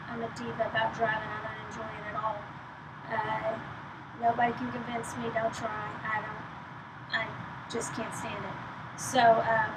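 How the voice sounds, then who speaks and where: Chatty Texan woman, weak voice pushed loud. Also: fairly high pitch, background noise. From East Texas. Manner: speaking loudly to carry, chatty and rambling. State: weak voice from illness, out of breath. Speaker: host. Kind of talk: casual chat to camera.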